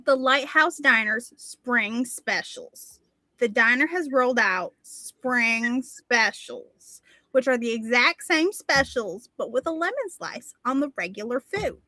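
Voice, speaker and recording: A woman voicing a small-town Southern woman reading local news in a slow, deadpan, mock-serious put-on Southern accent. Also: fairly high pitch, dry recording, exaggerated voice.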